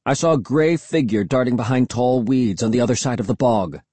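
A man reading a first-person story aloud in a lively, expressive way. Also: medium pitch, brisk, slightly rough, dry recording. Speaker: audiobook narrator.

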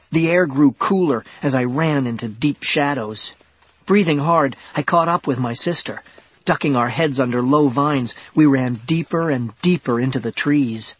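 A man narrating a children's adventure audiobook in the first person, with lively, dramatic storytelling. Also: fairly high pitch, slightly rough.

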